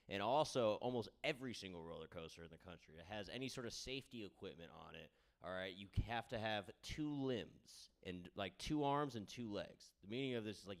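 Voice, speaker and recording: In a comedy club stand-up set, a young man rambles through crowd work and stories with lots of filler, habitually asking "all right?" His voice is smooth and fairly low in pitch.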